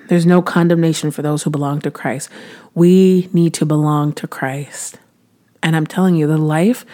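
A woman's voice: deep voice, warm tone. A woman in her thirties giving a casual devotional talk to camera. She sounds earnest and chatty, with frequent restarts and sudden bursts of preacher-like emphasis. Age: 30s. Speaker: Christian vlogger sharing devotional encouragement.

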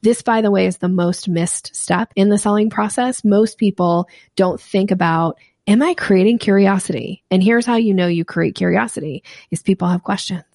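An animated middle-aged woman coaching on sales in an interview, her voice carrying a gravelly fry. She often acts out the people she quotes. The sound is close and dry, with no room around it. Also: medium pitch, moderate pace, few pauses, no room sound. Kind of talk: podcast interview answers.

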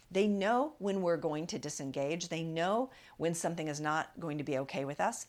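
A woman hosts an advice podcast as a relationship coach, speaking in a direct, encouraging way and often checking in with listeners. Her voice is on the low side.

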